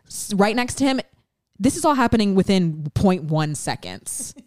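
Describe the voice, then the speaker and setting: A young adult woman co-hosting a podcast, telling a story with lively, excited delivery and acting out the quotes. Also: mid-range voice, dry recording, clean studio sound. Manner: fast, excited, acts out quotes. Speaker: podcast co-host. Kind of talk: animated storytelling.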